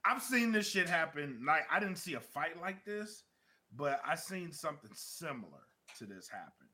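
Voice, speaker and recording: A man in his thirties, a podcast co-host, telling a story in casual chat, laughing often and acting out shouted quotes. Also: fairly high pitch, sing-song, moderate pace, slight background noise.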